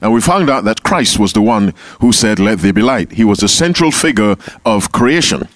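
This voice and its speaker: A man's voice: fairly low pitch, lively intonation, moderate pace. Man teaching a Bible class. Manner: calls on members to read, repeats key phrases.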